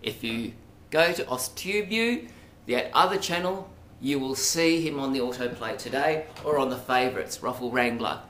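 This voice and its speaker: Talking to camera in an echoey room with a faint background hiss, an Australian man vlogs in a casual, rambling way, hesitating with frequent ums and side remarks. He sounds animated, keeps a moderate pace with few pauses, and his middle-pitched voice has a fairly bright tone.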